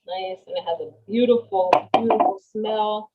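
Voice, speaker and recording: A chatty woman walks viewers through her cooking over a video call, slangy and full of restarts. Her voice sits at a middle pitch and comes through muffled, lo-fi call audio. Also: steady tone, normal speed, background noise. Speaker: guest cook. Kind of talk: casual cooking demo chat.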